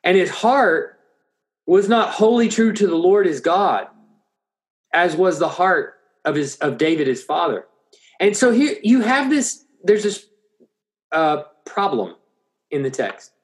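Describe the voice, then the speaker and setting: A man's voice: high-pitched, lively intonation, a little slow, long pauses. A man preaching an expository Bible lesson, thinking aloud with frequent restarts.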